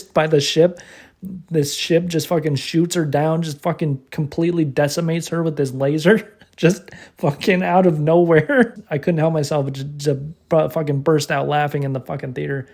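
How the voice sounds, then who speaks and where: A man's voice: on the high side, darkish tone. A man casually recapping a movie he watched, cursing often and rambling with lots of restarts and fillers. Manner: laughs while retelling. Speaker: movie reviewer.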